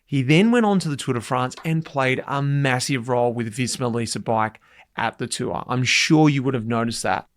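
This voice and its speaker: A man hosting a podcast, chatty and animated as he tells stories. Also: mid-range voice, moderate pace. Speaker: podcast host, former pro cyclist. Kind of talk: casual podcast interview.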